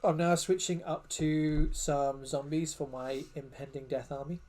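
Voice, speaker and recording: A man chatting casually and rambling as he paints, with self-mocking quiet asides. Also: fairly high pitch, steady tone, unhurried, slight background noise. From Cheshire, England. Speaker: co-host, miniature painter. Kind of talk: casual chat while painting on stream.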